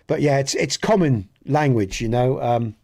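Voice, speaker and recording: With a medium-pitched, dark-toned voice, a Dorset man from southwest England talks casually to viewers on his game stream. He comes across as earnest and rambling, often going back over and restarting his words.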